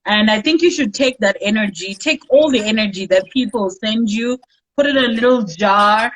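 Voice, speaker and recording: A woman's voice: on the high side, moderate pace, a little hiss or hum, rough recording. A woman with a Zimbabwean English accent, hosting a casual interview and speaking in an encouraging, emphatic way. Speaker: interviewer, host. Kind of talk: casual chat.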